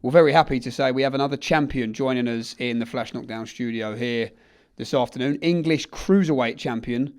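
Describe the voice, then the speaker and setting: A man's voice: mid-range voice, brisk, a little mellow. A man hosts a boxing studio show in an easy, casual way. He asks playful, jokey questions and banters with his guests. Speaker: host. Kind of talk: casual interview chat.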